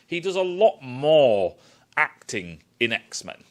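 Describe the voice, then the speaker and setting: A young man tears into a film in a casual, sarcastic rant full of swearing. His pitch swings widely as he mocks what he sees, lively and animated from one line to the next. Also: slow pace. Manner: profane, sarcastic, mocking. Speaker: film reviewer. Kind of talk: casual ranting film critique.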